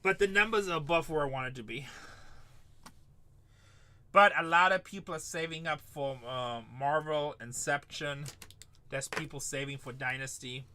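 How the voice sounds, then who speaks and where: Forceful, joking card-break host. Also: male voice, a little high, moderate pace, pauses often, a little hiss or hum. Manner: rambling, joking, swears casually, calls out teams. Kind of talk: livestream sales chat.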